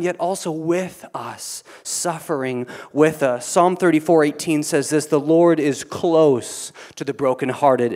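Male pastor, slightly high-pitched, earnest sermon delivery with quiet dips and emphatic builds. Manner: earnest, repeats words, swings from quiet to emphatic.

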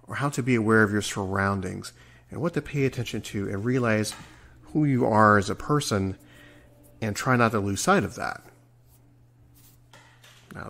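This solo podcast host, a man in his forties, has a fairly low voice with a fairly bright tone. He reflects earnestly and rambles through his monologue, now and then tripping over his words.

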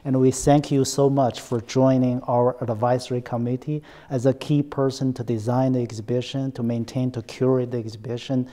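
A man with a warm, mellow voice hosts an academic interview. He speaks hesitantly, restarting phrases and often checking in with a tag question. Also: mid-range voice, flat delivery, normal speed, few pauses. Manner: hesitant, repeats words, tag questions "right?". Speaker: interview host, center scholar. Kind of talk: recorded academic conversation.

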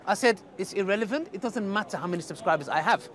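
A man hosting, talking casually to camera outdoors in a halting, conciliatory way. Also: high voice, animated, fairly bright tone. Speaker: host, debater. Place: outdoor public park. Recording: crowd noise outdoors.

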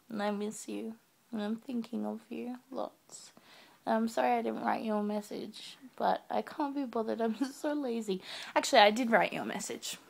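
A young woman recording a sleepy video message to her partner in her bedroom at night, talking softly with her eyes closed. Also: medium pitch, creaky. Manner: soft, drowsy and affectionate, talking with eyes closed. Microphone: webcam.

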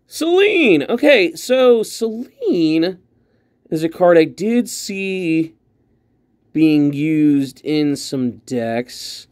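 A man giving casual commentary while opening trading card packs, chatty and excitable, thinking aloud as he sorts his pulls. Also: fairly high pitch, clean tone.

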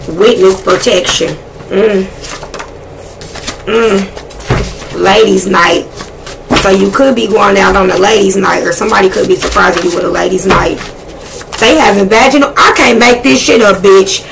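A woman giving a casual tarot reading, blunt and excitable, swearing freely as she talks to spirit. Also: mid-range voice, normal speed, gravelly, pauses often, noisy background. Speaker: tarot reader.

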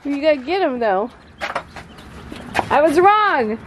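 A woman's voice: high voice, very animated, slow pace. A mother vlogging outdoors by her chicken yard, chatting playfully with her son and laughing often. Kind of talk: casual vlog chat with her son. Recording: faint outdoor background noise.

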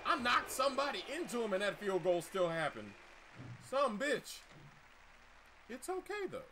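Male streamer, brash trash talker, lively bright voice, keeps cursing at the game. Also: sits high, normal speed, a little hiss or hum. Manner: boastful profane trash talk at the screen. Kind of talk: live gameplay commentary.

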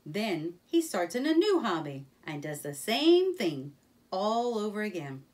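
A woman's voice: medium pitch, sing-song, unhurried, a little mellow, far from the mic. A woman voicing a friendly, easygoing male water rat with a cheerful, hospitable manner, in a children's storybook reading.

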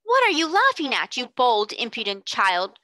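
A woman voicing a stern, furious schoolmistress in a storybook reading, with shrill, indignant demands. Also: animated, brisk, sharp tone, no room sound.

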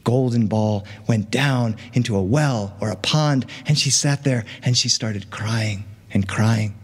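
A man's voice: medium pitch, a little slow, breathy edge, big-room sound. A man telling a fairy tale to a live audience with playful asides. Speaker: storyteller. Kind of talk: live storytelling performance.

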